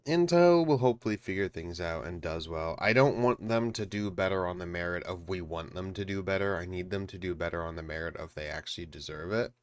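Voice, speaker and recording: A man's voice: low voice, a little fast, few pauses. A man streaming, chatting casually and ranting emphatically while he eats dinner. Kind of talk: casual chat reacting to a video.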